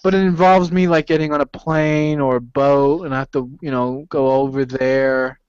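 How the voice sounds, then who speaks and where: A man's voice: mid-range voice, steady tone, moderate pace, darkish tone, clean tone, no room sound. A man hosting a casual online group chat, self-deprecating and joking, rambling with "like" and "you know". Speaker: host. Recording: dry, dull lo-fi call audio.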